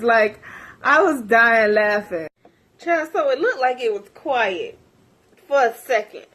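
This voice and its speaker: A woman's voice: a little high, animated, takes it slowly, a bit bright. A young woman vlogger chatting animatedly through a gossipy episode recap, breaking into laughs and squeals.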